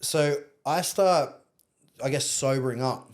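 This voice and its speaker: A young Australian man appears as a podcast guest in a casual storytelling interview, telling a long personal story. He's candid and rambling with lots of swearing, speaking unhurriedly at a medium pitch.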